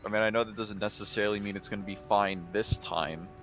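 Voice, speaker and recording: A man's voice: lowish voice, steady tone, fast talker, a bit bright. A young man chatting casually while gaming, frustrated and swearing a lot. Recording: game music behind.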